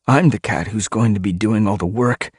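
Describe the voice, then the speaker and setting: A man's voice: lowish voice, normal speed, slightly rough, no room sound, clean studio sound, voice pushed up. A man voicing a nervous young male warrior cat who stammers anxiously in an audiobook. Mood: resentful.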